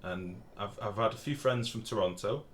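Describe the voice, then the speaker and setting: An Englishman with a fairly low voice chats casually at normal speed while live-streaming a game. He swears freely and reads out chat messages, with slight noise in the background.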